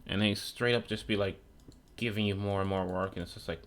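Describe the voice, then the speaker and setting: A man's voice: on the low side, steady tone, a little fast, fairly bright tone, a little hiss or hum. A young man streaming a video game, chatting in a rambling, profane, sarcastic way. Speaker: gaming streamer. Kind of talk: casual chat while gaming.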